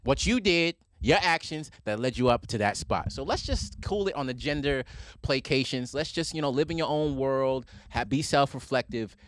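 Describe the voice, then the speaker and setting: A man ranting animatedly on a podcast, profane and fast-talking, recorded with a close studio microphone. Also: mid-range voice, animated, a bit bright, dry recording. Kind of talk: casual podcast rant.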